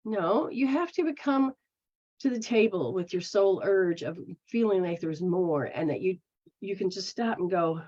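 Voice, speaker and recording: A woman giving a casual spiritual teaching talk. She acts out people's inner voices in a lively way. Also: medium pitch, normal speed. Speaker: metaphysical practitioner. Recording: dull lo-fi recording.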